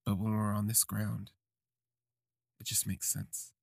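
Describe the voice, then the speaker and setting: Husky, gravelly man telling a confession. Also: on the low side, completely flat delivery, darkish tone, no room sound, clean studio sound. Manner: slow, halting, reflective phrasing. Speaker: podcast host. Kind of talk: confessional first-person storytelling.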